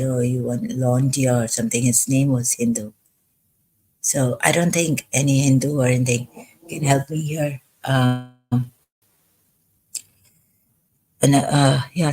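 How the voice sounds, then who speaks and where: A woman talking in a rambling livestream monologue, hesitant and halting, pausing often. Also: extremely low pitch, a little mellow. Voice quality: husky. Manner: halting, hesitant, full of pauses. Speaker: live streamer.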